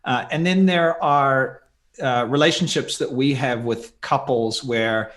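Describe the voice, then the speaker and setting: A man's voice: medium pitch, a little slow, a bit bright. A man talking in a casual podcast interview as a guest, thoughtful and rambling with many asides.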